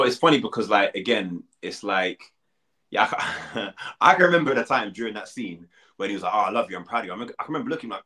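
A young man from Britain, chatting as an interview guest. He talks fast and rambles, full of fillers and self-deprecating asides. His voice sits fairly low and comes across bright and forceful. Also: expressive. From United Kingdom. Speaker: reality show contestant, guest. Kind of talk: casual interview chat.

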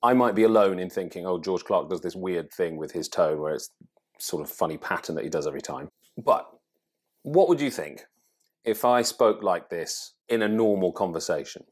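A man's voice: low voice, lively intonation, normal speed. A man talking to camera as a presenting coach, conversational and thinking aloud as he explains. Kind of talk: teaching to camera.

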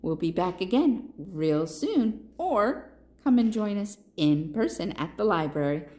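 A woman reading a picture book aloud for a library storytime, expressive and asking the listeners questions. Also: medium pitch, unhurried. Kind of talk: children's read-aloud.

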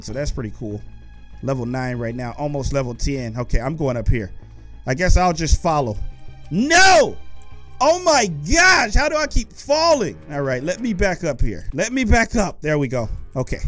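A young man giving excited let's-play commentary while gaming, often shouting and taunting the monsters. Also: fairly high pitch. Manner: animated, shouts and taunts in-game enemies. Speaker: gaming YouTuber.

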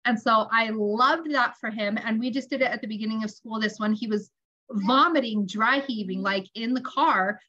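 A woman telling family stories in an online interview, animated and acting out the dialogue she quotes. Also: on the high side, normal speed, muffled recording. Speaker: tapping practitioner guest.

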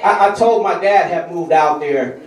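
A man preaching as a guest pastor, speaking warmly to a church congregation, giving thanks and telling his story. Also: fairly high pitch, a little slow, very noisy. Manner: sings hymn lines, leads call and response. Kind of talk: sermon with sung hymn. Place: church sanctuary. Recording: roomy church sound from far off with crowd.

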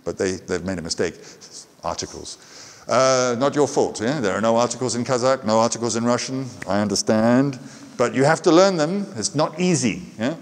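A man's voice: mid-range voice, normal speed, in a large hall. A man with a southern English accent giving a chatty lecture and often asking "yeah?" after his sentences. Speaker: guest lecturer. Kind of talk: lecture with audience questions.

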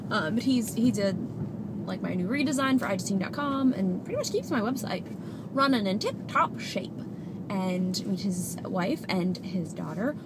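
A woman's voice: medium pitch, animated, moderate pace. Chatty young woman vlogging from her car. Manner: chatty, rambling, giggly. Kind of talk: casual vlog chat while driving. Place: inside a car. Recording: road and engine noise.

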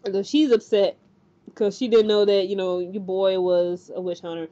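A woman casually recapping a TV episode, talking in an animated, chatty way with lots of fillers and acted-out quotes. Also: medium pitch, normal speed, highs cut off. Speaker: TV recap host.

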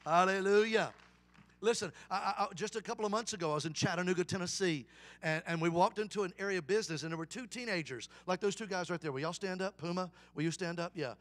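High-voiced evangelist preaching a sermon. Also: male voice, fast talker. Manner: animated call-and-response preaching. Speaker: guest evangelist. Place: church service.

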